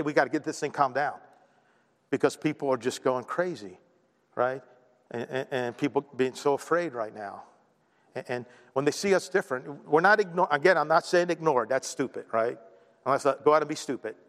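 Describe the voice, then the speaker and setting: A middle-aged man preaching a sermon in a conversational, animated way, often checking in with "right?" and acting out quoted voices. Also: on the high side, long reverb tail. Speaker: pastor.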